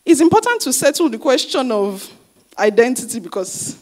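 A woman's voice: a little high, sing-song, normal speed. A woman pastor preaching a sermon, repeating her key phrases for emphasis and asking the congregation rhetorical questions.

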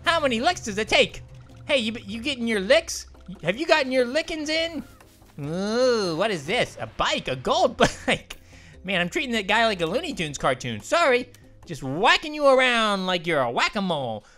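A high-pitched woman reacting to a game as she plays, her voice leaping up and down with excitement. She giggles and apologizes to characters as she goes. Faint game music plays behind her. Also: normal speed. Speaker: gaming channel host. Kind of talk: let's play commentary.

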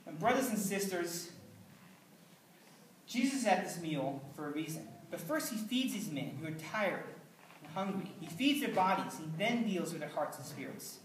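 A man's voice: high voice, expressive, moderate pace, slight background noise. A man pastor delivering a sermon in an earnest, conversational way, with dry asides. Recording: roomy, distant mic, faint ambience.

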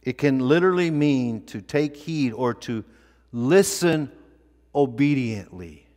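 A male pastor preaching a sermon in a church, with deliberate, emphatic delivery and repeated phrases for weight. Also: medium pitch, a little mellow, in a large hall. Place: church sanctuary.

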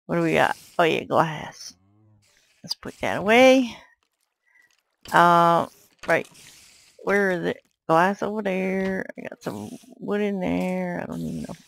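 Slow-talking gravelly woman gamer. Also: lowish voice, rough recording. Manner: exclaims and yells at enemies, then mutters to herself. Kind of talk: let's play commentary.

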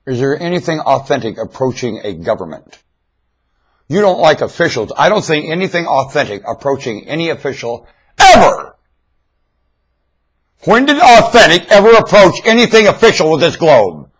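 A man's voice: fairly high pitch, big pitch swings, moderate pace, a bit bright, slightly rough. A man rambling in a loose monologue to his webcam, stammering and repeating himself. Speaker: webcam vlogger. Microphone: webcam mic.

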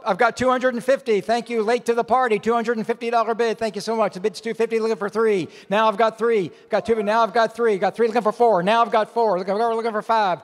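A man running a live charity auction, calling bids in quick repetitive runs. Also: high-pitched, big-room sound. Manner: rapid repetitive bid calling. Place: large event hall.

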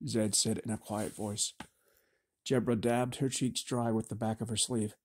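Mellow-voiced male audiobook narrator. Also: fairly low pitch. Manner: steady, measured reading. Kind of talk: scripted fantasy narration.

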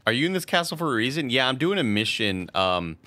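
A man's voice: mid-range voice, big pitch swings, fast, sharp tone, dry recording. A man streaming a video game, chatting casually to his viewers, swearing freely and laughing often. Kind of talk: casual gameplay commentary.

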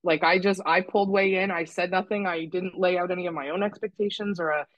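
A woman's voice: on the low side, fairly even intonation, fast, no echo, dull audio. A woman guesting on a podcast, talking candidly and critically about herself, with some swearing for emphasis. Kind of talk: candid conversational chat.

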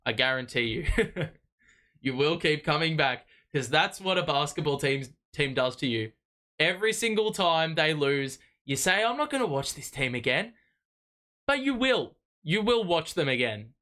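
Excitable, swearing young fan commentator. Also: male voice, fairly high pitch, normal speed. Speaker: fan watch-party host. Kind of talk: live fan play-by-play commentary.

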